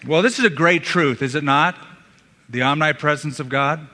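A male pastor preaching a sermon in a church, emphatic, with dramatic pauses and hushed drops. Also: on the high side, a little hiss or hum. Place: church sanctuary. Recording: long hall reverb.

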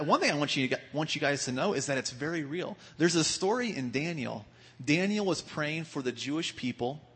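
Husky male youth speaker, casual, restarts often, echoing hall. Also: on the high side, fairly bright tone. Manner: casual, repeats words as he restarts. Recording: long hall reverb.

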